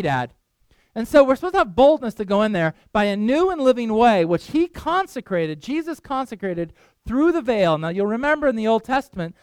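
A man's voice: sits high, clear, resonant tone, no echo. A man preaching a sermon in a church, telling stories with loose, chatty asides to the congregation.

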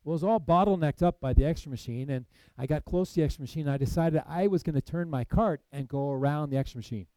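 A man preaching, telling a personal story with lively acted-out quotes that turns hushed and solemn. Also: fairly high pitch, fast, few pauses, smooth, dry recording, rough recording. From United States. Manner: animated storytelling, acts out quoted voices, then hushed and solemn. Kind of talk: sermon storytelling.

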